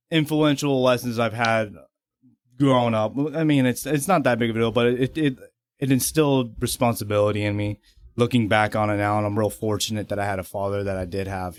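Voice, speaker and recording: A man's voice: mid-range voice, steady tone, a little fast, clear, resonant tone, dry recording, clean studio sound. A young man, a podcast guest, telling casual stories, swearing freely and laughing as he talks. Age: young adult. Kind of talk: casual storytelling.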